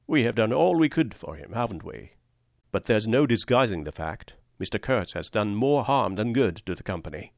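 A man's voice: on the low side, sing-song, moderate pace, creaky, a little mellow, no echo, studio quality. A man voicing a scheming, self-righteous company manager who sighs and speaks with false sorrow, in an audiobook reading. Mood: smug regret. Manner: cautious, sighing, falsely sorrowful. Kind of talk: audiobook character voice.

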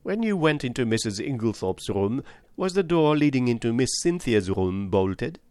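A man reading an audiobook, voicing a calm, precise elderly male Belgian detective with a put-on French-tinged accent. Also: mid-range voice, moderate pace, clear, resonant tone, dry recording, lightly acted. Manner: precise, placid, calmly probing.

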